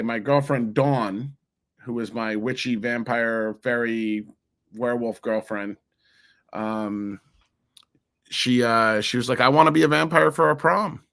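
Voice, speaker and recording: Guest voice: man, 40s, New Jersey-raised, lively rambling storyteller, mid pitch. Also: clean tone. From New Jersey, USA. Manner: animated, rambling, many restarts. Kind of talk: casual interview storytelling.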